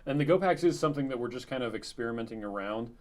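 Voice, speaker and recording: A man co-hosting a live stream, chatting casually and reading viewer comments aloud in a relaxed, quiet way. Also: medium pitch, fast. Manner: relaxed, reads chat messages in a quiet flat tone.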